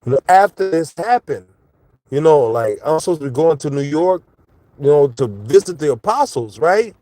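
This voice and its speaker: A man's voice: on the high side, sing-song, moderate pace, dark tone, dry recording. A man telling a personal story in a casual, rambling way, full of fillers and restarts.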